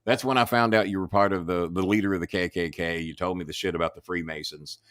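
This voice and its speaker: A man's voice: deep voice, fairly even intonation, fast, a bit bright, no room sound, clean studio sound. An older man from the Southern United States, a guest telling stories in a blunt, profane, casual way. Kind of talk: casual storytelling chat.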